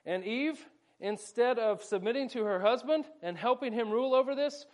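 A man preaching an animated sermon, explaining step by step and dropping playful asides. His voice is high for a man. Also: moderate pace. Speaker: pastor. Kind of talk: sermon with volunteers acting out a scene.

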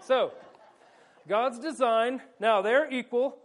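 High-voiced man preaching an animated sermon. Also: slow. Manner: animated, explanatory, playful asides. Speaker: pastor. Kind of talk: sermon with volunteers acting out a scene.

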